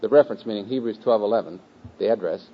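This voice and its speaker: A man teaching a group to memorize a scripture verse, speaking patiently with fillers and repeating phrases slowly. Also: on the low side, slight background noise. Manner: patient, repetitive, slow chanting of phrases with a group. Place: room with a live group. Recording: dull lo-fi recording.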